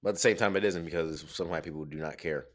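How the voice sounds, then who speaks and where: A young man with a very low, deep voice, chatting casually as a podcast co-host. He teases and meanders, and leans heavily on filler words. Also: fast, a bit bright. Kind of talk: casual chat.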